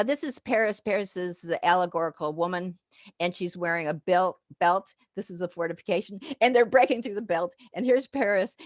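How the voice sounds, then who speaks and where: A woman's voice: mid-range voice, no echo, clean studio sound. An older woman, a professor, giving a chatty, digressive slide lecture full of fillers and asides.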